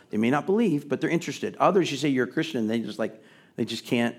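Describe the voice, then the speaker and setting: A man's voice: on the high side, animated, quick pace. A middle-aged man preaching a sermon in a conversational way, building to emphatic, rising questions. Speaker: pastor.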